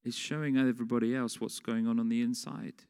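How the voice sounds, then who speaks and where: A man's voice: medium pitch, flat delivery, a little fast, creaky, a little mellow, smooth. A man preaching a sermon in a conversational way, putting questions to the congregation. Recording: long reverb of a large hall.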